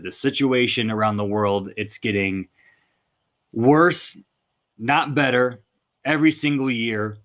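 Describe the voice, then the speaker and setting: A man's voice: mid-range voice, fairly bright tone. A man hosting a fitness podcast in a blunt, fired-up monologue, swearing casually as he talks.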